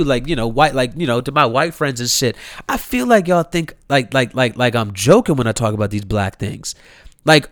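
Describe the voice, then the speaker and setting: A man's voice: on the high side, a bit bright, no echo, studio quality. A man, delivering a heated, incredulous rant, swearing freely and repeating himself. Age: 30s. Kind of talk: impassioned rant to camera.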